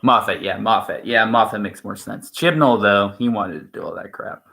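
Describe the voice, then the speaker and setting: A man's voice: fairly low pitch, normal speed, gravelly, sharp tone. A man co-hosting a stream in casual chat, rambling and opinionated, with many restarts. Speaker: stream co-host.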